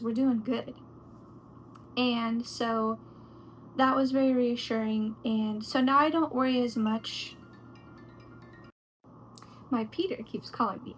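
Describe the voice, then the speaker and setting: A woman's voice: on the high side, slight background noise, rough recording. A young woman talking casually to her viewers in a pregnancy update vlog, full of "like" fillers and acting out quoted lines. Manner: chatty, frequent "like" fillers, acts out quotes. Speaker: vlogger. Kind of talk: casual chat.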